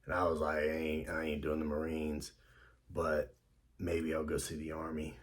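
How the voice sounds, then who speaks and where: Deep husky man telling a story. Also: completely flat delivery, normal speed. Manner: laid-back, lots of fillers and quoted dialogue. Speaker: podcast host telling his story. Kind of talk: casual storytelling.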